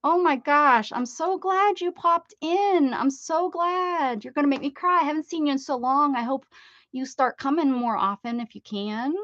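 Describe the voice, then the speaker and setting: A woman's voice: high voice, fairly bright tone, no echo, dull audio. A woman with an American accent hosting a casual craft livestream, rambling and greeting viewers from the chat with sing-song repeats. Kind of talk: casual chat with live chat readers.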